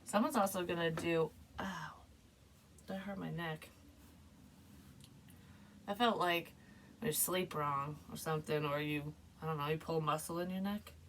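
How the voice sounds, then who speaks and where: A woman giving a casual, rambling tarot reading to her viewers, chatty and quick to laugh. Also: low voice, fairly bright tone, a little hiss or hum. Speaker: tarot reader.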